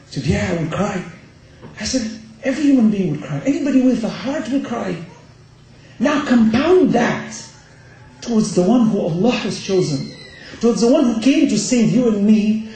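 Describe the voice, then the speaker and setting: A man with a high-sitting, darkish voice gives a passionate Muharram sermon in a very echoey hall. A religious lecturer, he drives his points home with rhetorical questions.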